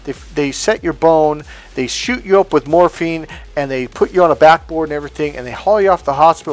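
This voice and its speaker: A man's voice: a little high, brisk, hardly any pauses, faint music behind. Blunt, swearing man coaching on dating. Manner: blunt, heavy swearing, animated storytelling. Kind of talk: casual spoken lesson.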